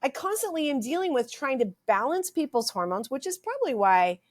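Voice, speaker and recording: Briskly and with big pitch swings, a middle-aged woman delivers a fervent health podcast monologue in her high voice. As host and health practitioner, she rants emphatically, repeats phrases, and sounds a bit dry in the throat.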